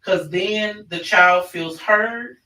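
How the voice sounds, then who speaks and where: A man's voice: sits high, slow pace, sharp tone. A man presenting an online parenting class in a conversational way, often restarting his sentences. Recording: roomy, distant mic.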